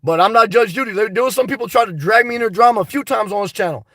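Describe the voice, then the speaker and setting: A boisterous man talks straight into a close mic on his live stream, reading comments out and answering them bluntly with plenty of swearing. His voice sits high for a man and sounds a touch congested, and the sound is dry with no room echo. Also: racing, fairly bright tone. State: slightly congested. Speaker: vlogger reading live chat. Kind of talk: casual live-stream chat.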